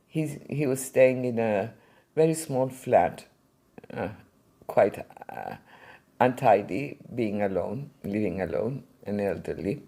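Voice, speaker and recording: Older woman, collector recounting anecdotes in an interview; husky, mellow voice, lively storyteller. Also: extremely low pitch, slow. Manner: animated, vivid storyteller. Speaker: art collector and museum founder.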